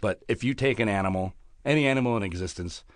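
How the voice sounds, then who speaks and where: A man in casual podcast chat, explaining in a rambling, halting way with many restarts. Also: on the low side, dry recording, clean studio sound.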